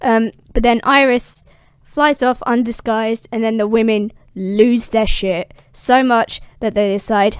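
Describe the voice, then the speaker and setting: A young woman breezily retelling an ancient epic in slang, with a bit of swearing. Her voice is a touch high and smooth, and the sound is close and dry. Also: measured pace, no room sound. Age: young adult. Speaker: classics explainer. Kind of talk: casual video explainer.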